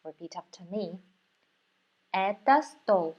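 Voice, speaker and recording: A woman's voice: medium pitch, lively intonation, slow, a little mellow, highs cut off. A woman with a Russian accent teaching a language lesson, patiently repeating words for learners. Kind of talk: slow, careful language lesson.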